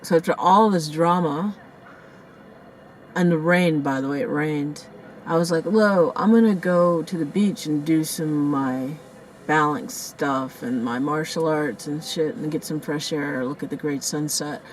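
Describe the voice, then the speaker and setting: A woman vlogging in a casual storytelling style outdoors, shaken and in shock, talking fast and cursing as she retells a crash and acts out what people said. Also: sits low, a little hiss or hum, rough recording. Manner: profane, animated, rants and acts out quotes. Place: outdoors near a parking lot by the beach.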